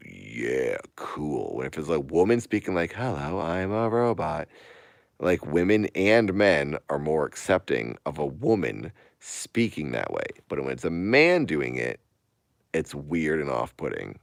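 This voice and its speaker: Man, late thirties, very deep voice, gravelly, casual stream chat, rambling, emphatic. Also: no room sound, clean studio sound. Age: 30s. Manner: rambling, turns emphatic and incredulous.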